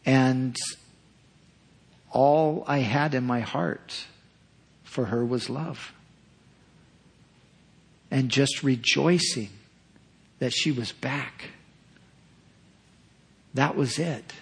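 A man preaching a sermon, earnest and measured, repeating phrases for emphasis. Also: medium pitch, fairly even intonation, slightly rough. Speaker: pastor.

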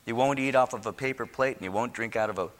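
A man's voice: medium pitch, fast talker. A male pastor preaching a sermon in a folksy way, with joking asides that turn into fervent preaching. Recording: long hall reverb.

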